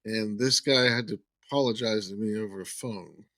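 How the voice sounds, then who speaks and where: A man's voice: fairly low pitch, moderate pace, dry recording. A man telling a long personal anecdote in casual conversation, acting out the lines of people in the story. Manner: animated anecdote teller, acts out quoted lines. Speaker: podcast guest.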